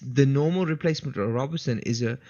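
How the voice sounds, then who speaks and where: A man's voice: medium pitch, fast talker, warm tone. A man from South Africa with a South African accent, co-hosting a podcast in casual football chat and explaining his points at length. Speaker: podcast co-host. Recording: dull lo-fi sound.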